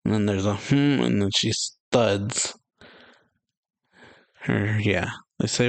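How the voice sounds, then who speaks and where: A man hosting a reaction channel, casually reading and commenting on a manga chapter, relaxed and laughing often with loose fillers. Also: fairly low pitch, slow, creaky, long pauses, no echo.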